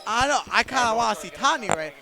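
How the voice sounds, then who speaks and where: A man's voice: very high-pitched, lively intonation, quick pace, creaky, a crowd in the background. A teenage boy giving student sports commentary with sarcastic, jokey asides, on a headset mic. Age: late teens. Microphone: headphones and headset mic.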